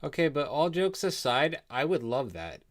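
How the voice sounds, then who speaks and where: A man's voice: fairly high pitch, very animated, moderate pace, a little hiss or hum. A man hosting a live reaction stream, chatting candidly about the video he is watching.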